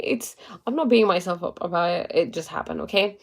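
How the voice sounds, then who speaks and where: A young woman hosting a livestream gives a casual spiritual and motivational talk to live viewers. Her voice is lowish and brisk, and she's chatty and full of fillers.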